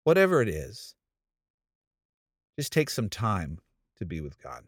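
A man's voice: on the low side, wildly swooping pitch, measured pace, no room sound, studio quality. A man who is a pastor, telling a funny story about his own failures in a casual, self-deprecating way and laughing at himself. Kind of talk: storytelling sermon with humor.

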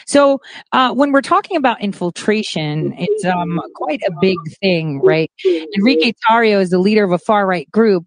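A woman's voice: medium pitch, dry recording. A woman hosting a stream, commenting casually on clips with frequent laughter and restarts. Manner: giggly, laughs often, trailing restarts. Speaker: streamer host.

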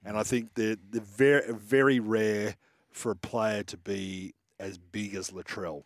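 A man's voice: on the low side, steady tone, a little slow, dry recording. Enthusiastic Australian man, dry mic. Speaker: podcast co-host. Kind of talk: casual sports chat.

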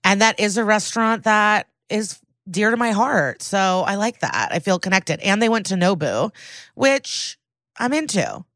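A woman's voice: mid-range voice, expressive, a little slow, a bit bright, dry recording, studio quality. A woman co-hosting a podcast, chatting casually and laid-back, swearing now and then. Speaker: podcast co-host. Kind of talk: casual chat.

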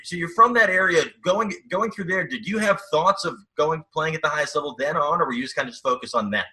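A man hosting an interview, fumbling through his questions with many restarts. His voice is very bright and keen, pitched a little high. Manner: halting, searching questions. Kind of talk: casual interview chat.

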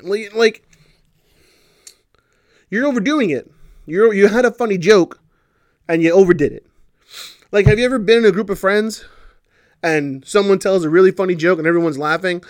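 A man's voice: on the high side, no room sound, studio quality. Exasperated man recapping a wrestling show. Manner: exasperated, sarcastic, animated storytelling. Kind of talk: casual opinion commentary.

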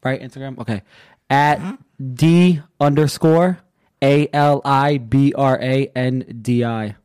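A man's voice: medium pitch, slow pace, darkish tone, clean tone. A man guesting on a podcast, telling a crude story in casual, profane banter.

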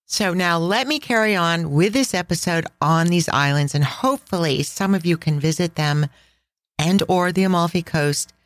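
A woman's voice: sits low, no echo. A woman hosting a casual travel podcast, talking with enthusiastic, chatty storytelling. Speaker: podcast host.

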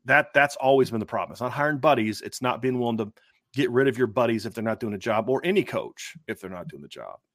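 A man's voice: mid-range voice, lively intonation, quick pace, a bit bright, no echo, studio quality. Emphatic man talking college football. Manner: emphatic, lots of restarts and rhetorical questions. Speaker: podcast co-host, football analyst. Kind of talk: casual sports podcast chat.

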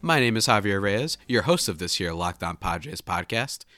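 Chatty animated podcast host, man. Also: on the low side, moderate pace. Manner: animated and chatty, restarts often. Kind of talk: casual podcast chat.

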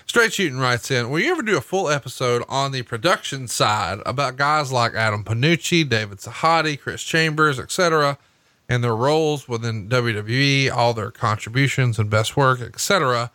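Male podcast host, bright and forceful tone, dry studio sound, reads mail and plugs. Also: medium pitch, no echo. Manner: reads listener mail and plugs, reacts with quick questions. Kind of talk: casual podcast chat.

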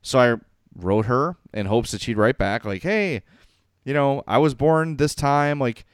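This podcast co-host chats casually, rambling, poking fun at himself and laughing often. His medium-pitched voice is clear and resonant with a measured pace, recorded dry with a clean studio sound.

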